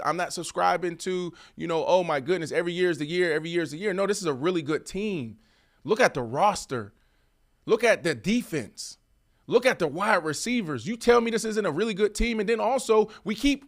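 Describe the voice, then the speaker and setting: This former wide receiver, now a sports show co-host in his thirties, has a gravelly voice that sits high. He pushes his points hard in a casual debate, animated and emphatic, saying the same things more than once.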